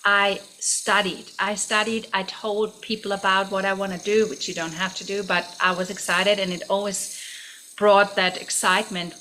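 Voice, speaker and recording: Woman, thirties, bright voice, chatty vlog storytelling, lots of ums. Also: medium pitch, little pitch movement, normal speed, a little hiss or hum, rough recording. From Germany. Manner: chatty, many fillers and restarts. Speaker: vlogger. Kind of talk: personal storytelling.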